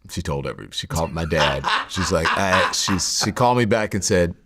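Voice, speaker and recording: A middle-aged man, sounding like a guest opening up in a sit-down interview, recounts his past in a low, gravelly voice with lively intonation. His candid storytelling is reflective and halting, full of fillers and restarts. The recording is very noisy.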